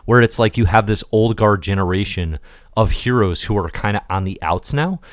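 A man's voice: fairly low pitch, moderate pace, dry recording, clean studio sound. A man co-hosting a podcast, thinking aloud in easygoing casual chat. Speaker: podcast co-host.

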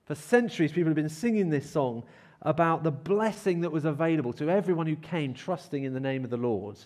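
Man preaching in church, slightly high voice, animated delivery, acts out shouts. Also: brisk. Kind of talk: sermon.

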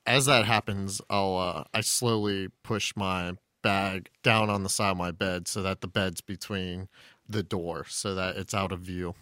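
A man's voice: deep voice, steady tone, unhurried, bright, forceful tone, no echo. A man playing a tabletop role-playing game, describing his character's actions casually as he thinks aloud. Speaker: player.

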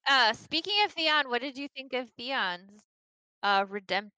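A woman chats casually about a TV episode in a bright, sharp-edged voice. Her tone is smooth and crisp and sits at a middle pitch. The sound is dry and close with no room around it. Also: lively intonation, a little slow, dry recording, poor audio. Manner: casual, giggly, uses "like" often. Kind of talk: casual TV recap chat.

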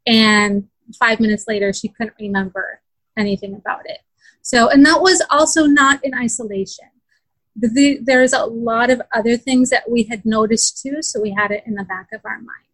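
A woman's voice: fairly high pitch, normal speed, a bit bright, dry recording, rough recording. A woman in a casual interview, earnestly telling how her daughter struggled, with many fillers and restarts. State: close to tears. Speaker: parent describing her daughter's learning.

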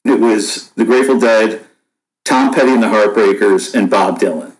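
A man in his fifties from upstate New York, a podcast guest telling stories in a relaxed, rambling way with lots of fillers. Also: on the low side, normal speed, poor audio. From Buffalo, New York, USA. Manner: rambling, laid-back, many fillers and restarts. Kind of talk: casual storytelling chat.

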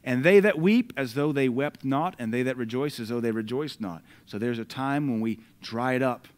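A man with an American accent delivers a sermon in a middle-pitched voice. He reads scripture with loud, emphatic bursts and then drops into relaxed, conversational asides aimed at the congregation. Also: normal speed, clear, resonant tone. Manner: conversational asides between readings. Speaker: preacher.

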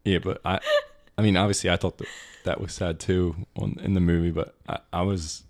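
A man's voice: deep voice, level tone, brisk, a little mellow. A young man co-hosting a podcast in casual chat, giving brief laid-back replies. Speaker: podcast co-host.

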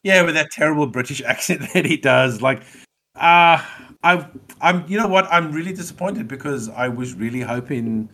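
A man's voice: a little high, moderate pace. A man co-hosting a podcast, chatting casually about a TV show and swearing freely as he tells the story. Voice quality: swears a lot, animated storytelling. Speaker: podcast co-host reviewing TV. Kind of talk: casual chat.

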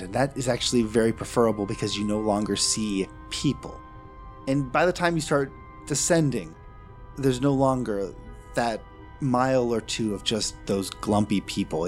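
A man's voice: on the low side, darkish tone. A man running a tabletop game as game master, narrating scenes with dry, wry asides.

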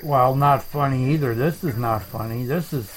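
A man hosting a comedic chat show, rambling deadpan and making up silly words. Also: mid-range voice, moderate pace, rough recording. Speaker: podcast host.

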